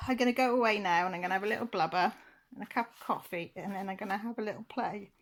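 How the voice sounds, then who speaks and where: A woman's voice: mid-range voice, fast talker. A woman vlogger, chatting casually while unboxing, gushing and near tears.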